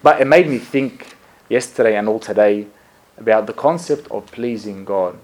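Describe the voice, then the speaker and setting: A priest giving a conversational sermon, telling stories in a relaxed way with lots of fillers and self-corrections, often laughing at himself. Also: male voice, fairly low pitch, normal speed.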